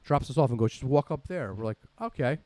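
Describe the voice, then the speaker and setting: A man casually telling a rambling, animated story full of swearing, as a podcast host. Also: mid-range voice, fast talker, dry recording.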